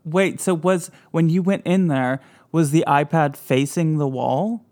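A host with a voice in the middle pitch range asks curious follow-up questions in a casual interview. The delivery is reactive and conversational. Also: measured pace, a little mellow.

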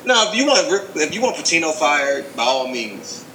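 Male sports podcast co-host, somewhat high voice, insistent debater, recorded in an echoey room. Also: big pitch swings, normal speed, a crowd in the background. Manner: insistent, repetitive arguing.

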